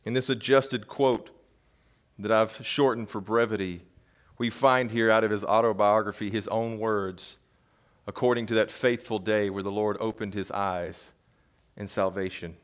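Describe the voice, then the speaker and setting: A man's voice: on the low side, fairly even intonation. Man preaching with swelling emphasis. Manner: measured delivery that swells to loud emphasis. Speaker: pastor. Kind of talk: sermon reading a quoted testimony.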